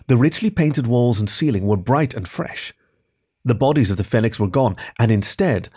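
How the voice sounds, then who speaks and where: A man hosting a podcast and narrating a story in a lively, expressive reading style. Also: fairly low pitch.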